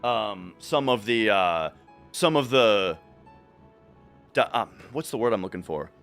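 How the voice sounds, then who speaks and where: A man's voice: on the low side, animated, measured pace, a bit bright, clean tone, faint music behind. A man from Minnesota with a light Minnesotan accent, chatting casually on a speedrun stream and restarting his sentences often. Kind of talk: casual livestream chat.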